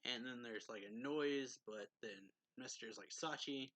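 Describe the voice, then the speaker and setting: A man with a bright, forward voice talks through a manga chapter in a loose, rambling recap. He leans on "like" and "um" constantly and retells the scenes casually. The sound is close and dry, with no room around it. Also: medium pitch, no echo. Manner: loose and chatty, heavy use of "like" and "um", quick laughs. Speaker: manga reviewer. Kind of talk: casual plot recap review.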